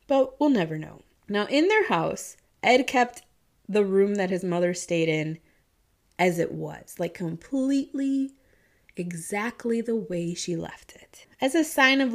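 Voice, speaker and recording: A woman with a Midwestern accent blended with a Southern twang, telling a true-crime story in a chatty, casual way, swearing and laughing often. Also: medium pitch. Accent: Midwestern American with a Southern twang.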